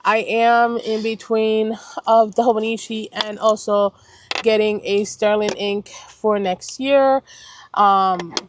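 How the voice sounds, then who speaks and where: A woman's voice: mid-range voice, fairly even intonation, slow, a little hiss or hum. Chatty young woman from Puerto Rico. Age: young adult. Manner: chatty, rambling, self-correcting and apologetic. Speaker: planner vlogger. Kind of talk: casual chat.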